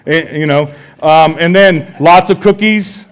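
A man's voice: fairly high pitch, unhurried, clear, resonant tone. A man with a Midwestern American accent preaching a sermon in a church, conversational and joking, often checking in with the congregation. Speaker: pastor. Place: church sanctuary.

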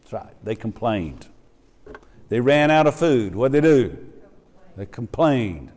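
A middle-aged man preaching a sermon in a church, lively and acting out the voices of the people he quotes. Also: mid-range voice, slow pace. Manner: animated, acts out quoted voices. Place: church sanctuary. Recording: reverberant church hall.

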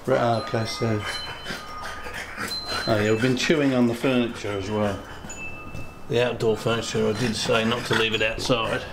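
A man's voice: level tone, normal speed, pauses often, noisy background. A man talking casually through a home vlog, unboxing a drone and chatting as he goes. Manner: chatty, talks to his dog in a high singsong voice. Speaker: vlogger.

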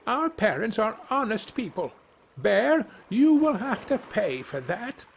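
A man doing shrill, furious wren chicks. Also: very animated, measured pace, gravelly, slight background noise, exaggerated voice. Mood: indignant. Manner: screaming indignantly.

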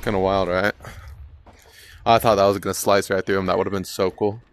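A man's voice: deep voice, level tone, fairly quick, clear, resonant tone, no room sound, soft background music. A young man giving casual, rambling gameplay commentary, swearing casually and poking fun at himself. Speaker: gaming video creator.

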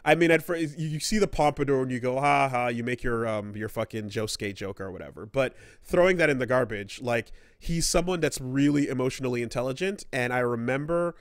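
A man's voice: mid-range voice, brisk, hardly any pauses, dry recording, clean studio sound. A man co-hosting a casual gaming podcast, rambling and swearing as he acts out quoted characters. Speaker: podcast co-host.

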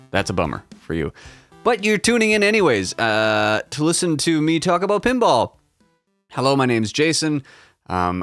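A man's voice: lowish voice, fairly bright tone, no echo. A man hosting a solo podcast, rambling in crude, joking, self-deprecating asides. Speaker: podcast host.

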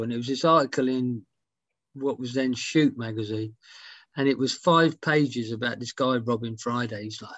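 A middle-aged man on a video call, telling animated anecdotes as an interview guest, swearing casually and acting out quotes. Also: medium pitch, moderate pace, dry recording, highs cut off. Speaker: interview guest, music writer.

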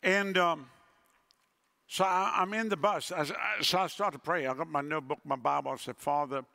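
A high, bright male voice with a gravelly edge, belonging to a middle-aged evangelist preaching. He tells his story like a performer, jumping up in pitch whenever he acts out a line of dialogue. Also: fairly quick. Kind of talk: sermon storytelling.

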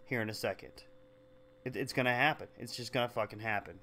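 A man hosting a gaming channel, giving let's play commentary full of frustrated swearing and yelling at the game. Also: medium pitch, quick pace, a little hiss or hum.

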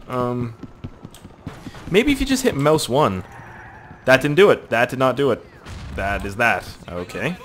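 An excitable male gamer narrating his own play in loose, off-the-cuff commentary, swinging his pitch all over as he yelps, swears and laughs. Faint gunfire from the game hums along underneath. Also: normal speed, a little hiss or hum. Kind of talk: casual gameplay commentary.

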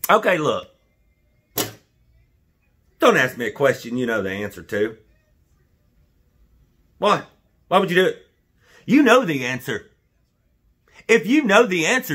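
A man vlogging in a casual, jokey rant to the camera, wandering off on tangents. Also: mid-range voice. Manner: animated, jokey, goes off on tangents.

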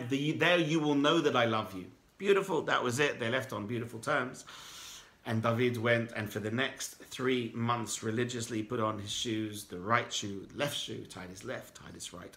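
A man teaches a Torah class as a rabbi. His voice is bright and clear, at a middle pitch. He tells the story with energy and acts out each character's lines himself.

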